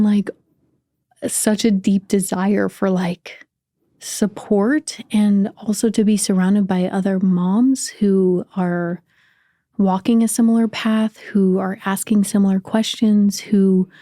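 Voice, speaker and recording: A woman talking on a podcast in a thoughtful, soft-spoken way, searching for her words as she opens up. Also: medium pitch, no echo, clean studio sound. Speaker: podcast guest, host's partner. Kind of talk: casual conversation.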